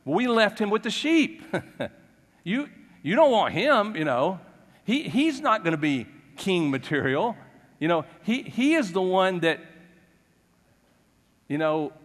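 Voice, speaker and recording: Here is an offhand old father, raised in pitch and volume, waving away his youngest boy with a shrug, as a preacher acts him out. His chatty talk rings out with a long reverb. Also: wildly swooping pitch, unhurried, hardly any pauses, fairly bright tone, heavily acted. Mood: dismissive.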